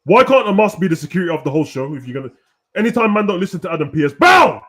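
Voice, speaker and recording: A young man hosting a casual, animated wrestling rant full of slang, at times breaking into shouts. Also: sits high, rapid-fire. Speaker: host. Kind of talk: casual ranting commentary.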